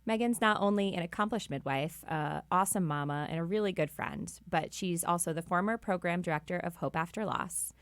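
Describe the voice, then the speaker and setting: A midwife co-host chats easily and tells a story from her life. Her voice sits a little low, and the sound is dry and close. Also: a little fast, few pauses, dry recording. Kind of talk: casual podcast conversation.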